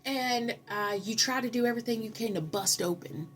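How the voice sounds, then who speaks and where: A woman with a slightly high voice gives a spiritual tarot reading. She is earnest and preachy, telling stories with dramatic pauses and repeating affirmations.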